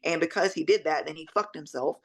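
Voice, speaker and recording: A woman's voice: deep voice, a little fast. A woman in her thirties co-hosting a podcast, chatting bluntly and profanely, laughing often. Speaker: podcast co-host. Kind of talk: casual true-crime chat.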